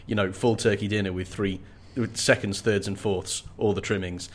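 A man co-hosting a podcast, jokey and animated, often slipping into silly voices. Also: on the low side, normal speed. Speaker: podcast co-host. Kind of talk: casual chat with comic commentary.

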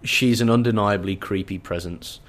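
A man co-hosting a casual book-discussion podcast, chatty and animated. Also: fairly low pitch, moderate pace. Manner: chatty, animated, with frequent fillers and restarts. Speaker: podcast co-host.

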